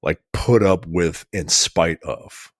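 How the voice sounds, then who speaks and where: Man, film podcast co-host, casual chat, mid-pitched voice, dry close sound, lots of fillers. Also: takes it slowly, no room sound. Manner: casual, animated retelling of scenes with acted-out quotes. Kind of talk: casual conversational film discussion.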